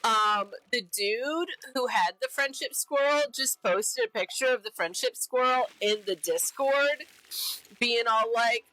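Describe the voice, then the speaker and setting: A woman's voice: fairly high pitch, unhurried, sharp tone, no echo, poor audio. A woman streamer chatting casually while she plays a game, bubbly and repeating herself often. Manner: bubbly, repeats herself, giggly silly name-calling.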